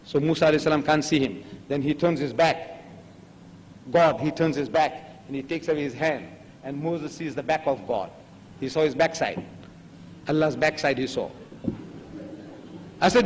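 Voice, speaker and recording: Older male lecturer, Gujarati native, animated storyteller with a lively pitch, recorded in an echoey hall. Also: normal speed, long pauses, slight background noise. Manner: animated storytelling, acting out dialogue. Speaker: religious lecturer. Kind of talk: public religious lecture.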